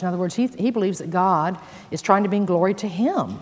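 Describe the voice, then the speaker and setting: A woman's voice: fairly low pitch, a little fast, darkish tone. A woman teaching a sermon, reading scripture with dramatic emphasis and folksy asides to her listeners. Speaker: Bible teacher. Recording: long hall reverb.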